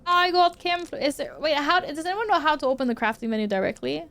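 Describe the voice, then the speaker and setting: Her voice high, fairly bright and fast, a woman whose first language is Swedish gives live commentary on a horror game she's streaming. She curses and cries out at the game while talking with her audience.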